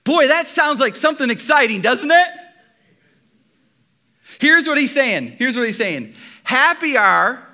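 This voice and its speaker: Male pastor, high bright voice, lively sermon delivery that leans on rhetorical questions. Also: measured pace, pauses often. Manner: animated preaching with rhetorical questions and repetition.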